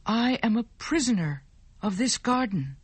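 Poisoned angry young guy, read by a woman, slow and dry. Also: fairly high pitch, sing-song, husky, no room sound, voice pushed up, full character voice. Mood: accusing. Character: young man, poisoned and bitter. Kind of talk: storybook narration.

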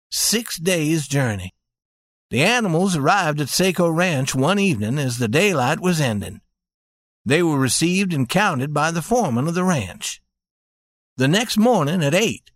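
A man reading a story aloud as narrator, slowly and clearly. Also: a little high, a bit bright, dry recording, clean studio sound. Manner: slow, clear, deliberate reading.

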